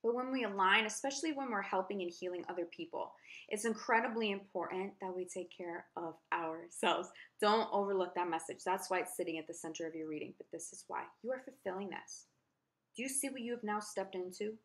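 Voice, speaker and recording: A tarot reader addresses the camera in a brisk, mid-range voice with a fairly bright tone. Effusive and spiritual, she speaks to the viewer head-on, leaning into emphasis.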